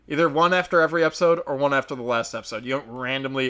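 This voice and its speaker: A man hosts a solo podcast and talks in a loose, profanity-laden rant. His tone is exasperated and sarcastic, and his voice has a bright, forceful edge. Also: mid-range voice, rapid-fire, clear, resonant tone. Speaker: podcast host.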